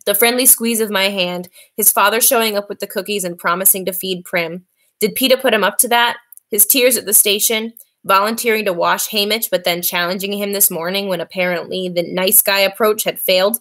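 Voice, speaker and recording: A woman's voice: medium pitch, steady tone, brisk, a bit bright. Woman reading a novel aloud. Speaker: reader.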